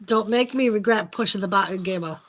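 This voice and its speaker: A woman's voice: medium pitch, fairly quick, slight background noise. Woman, co-host, teasing, laughs often, casual chat.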